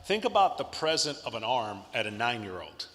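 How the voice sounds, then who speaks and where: A man in his fifties giving an animated storytelling speech as a luncheon guest speaker, heard over a PA in a large hotel banquet hall. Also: mid-range voice, a little fast. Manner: animated anecdotes with laughs. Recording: long hall reverb.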